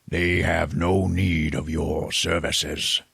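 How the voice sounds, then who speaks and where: A man putting on the voice of a tall, menacing male undertaker from a horror film, speaking slowly and coldly in a low, drawn-out way. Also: flat delivery, creaky, fairly bright tone, slightly rough, dry recording, clean studio sound, full character voice.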